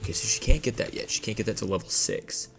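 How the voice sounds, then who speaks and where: A man's voice: lowish voice, quick pace, gravelly, faint music behind. A young man giving casual, rambling let's-play commentary with slang and jokes. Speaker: gameplay commentator.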